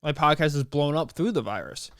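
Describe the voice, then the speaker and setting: A young man, hosting his podcast and talking in a rambling, animated, slangy way. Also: fairly high pitch, a little fast, dry recording, studio quality. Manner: rambling, animated, slangy, with playful put-on voices. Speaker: podcast host. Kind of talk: casual solo podcast monologue.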